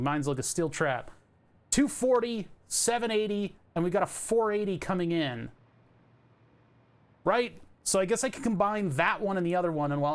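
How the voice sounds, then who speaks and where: A man streaming a building game, chatting casually to his viewers in a rambling, self-mocking way. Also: a little high. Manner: rambling, self-mocking, jokey asides to chat. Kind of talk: casual gameplay commentary.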